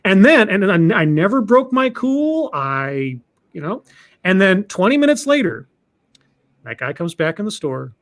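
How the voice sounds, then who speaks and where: A man with a somewhat high voice tells a long story in a loose, casual way. He doubles back on his words, restarting phrases as he goes. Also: very animated, normal speed, fairly bright tone. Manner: rambling, with many restarts and repeated words. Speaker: podcast host telling a story.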